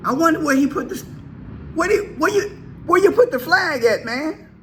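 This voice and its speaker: Man, channel host, high lively voice, bright tone, playful drawn-out commentary. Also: a little hiss or hum. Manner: animated, playful, drawn-out exclamations. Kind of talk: casual political commentary.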